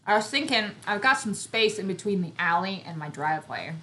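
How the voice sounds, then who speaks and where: A woman's voice: mid-range voice, lively intonation, fairly quick, bright, forceful tone, faint music behind. Giggly woman chatting casually. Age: 30s. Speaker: homesteading channel host. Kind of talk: casual live-stream chat. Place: home.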